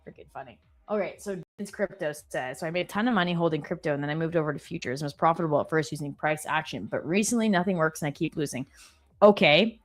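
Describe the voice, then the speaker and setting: A woman with a lowish voice hosts a live stream from her office. She talks in a casual, chatty way and reacts to viewer comments with quick exclamations. Faint music plays in the background.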